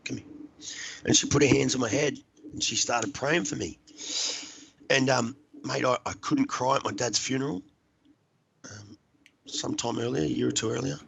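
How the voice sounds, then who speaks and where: A middle-aged man, a podcast guest, earnestly telling a personal recovery story with halting restarts. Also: medium pitch, gravelly, fairly bright tone, poor audio. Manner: earnest, halting, repeats words while searching.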